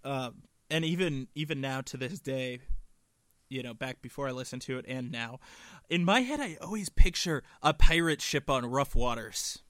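A man's voice: medium pitch, animated, normal speed, fairly bright tone, no echo. A young man co-hosting a podcast, joking around and reading listener tweets in casual chat. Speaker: podcast co-host.

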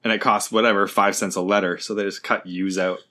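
A man with a low but bright, forceful voice, co-hosting a relaxed podcast. He chats easily and likes to share bits of trivia. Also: a little fast. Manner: chatty, shares trivia with laughs. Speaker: podcast co-host. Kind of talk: casual chat.

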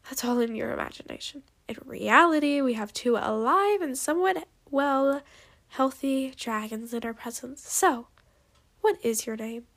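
Woman voicing a practical young leader, storybook reading, matter-of-fact, calm, slightly high voice. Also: measured pace, exaggerated voice.

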